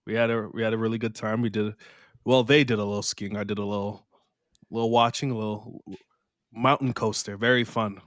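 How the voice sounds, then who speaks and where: A man's voice: fairly low pitch, fairly even intonation, fairly quick, fairly bright tone, no room sound, studio quality. A man in his thirties co-hosting a podcast, laid-back, often laughing and restarting his words. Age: 30s. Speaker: podcast co-host. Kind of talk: casual podcast chat.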